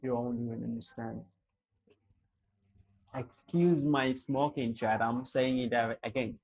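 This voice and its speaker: Husky, cursing man on a muffled stream. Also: mid-range voice, fairly even intonation, a little slow, a little mellow. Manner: exasperated, heavy cursing, talks to chat as "dude" and "bro". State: smoking a cigarette while talking. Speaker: live trading streamer. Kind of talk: live-stream commentary to chat.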